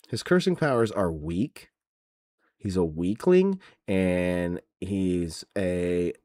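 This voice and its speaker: A man's voice: low voice, a little mellow, no room sound, clean studio sound. A man hosting a podcast, recapping in a casual, mocking, profane, rambling way. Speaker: podcast host. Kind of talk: casual comedic wrestling recap.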